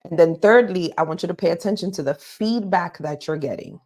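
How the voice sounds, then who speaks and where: Woman career coach with a lower voice, emphatic, direct-address live talk. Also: a little fast, darkish tone. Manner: emphatic, repeats "okay?" to check in.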